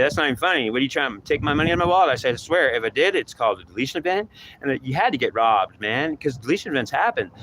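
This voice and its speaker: Man, middle pitch, rambling monologue, repeats himself, acts out dialogue, faint background hiss. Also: a bit bright.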